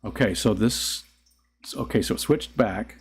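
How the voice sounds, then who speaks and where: A man's voice: fairly low pitch, a little slow, breathy edge. A middle-aged man hosting a casual live stream, rambling and chuckling as he talks to his chat. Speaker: livestream host.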